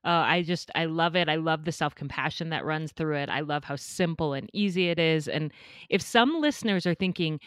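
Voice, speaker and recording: A woman hosting a podcast interview, enthusiastic and quick to praise her guest. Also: low-pitched, dry recording, clean studio sound. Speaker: podcast host. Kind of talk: casual interview chat.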